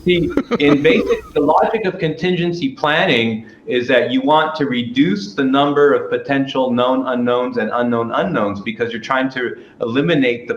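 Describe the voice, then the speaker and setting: A man guesting on a casual political talk show, arguing his points emphatically and swearing now and then. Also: medium pitch. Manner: emphatic, argumentative, profane. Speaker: guest commentator. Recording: echoey, dull, lo-fi, faint background noise.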